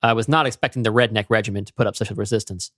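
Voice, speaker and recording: A man voicing a weary, lonely grown man who talks in a calm, matter-of-fact way. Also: lowish voice, racing, no echo, clean studio sound. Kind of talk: podcast story reading.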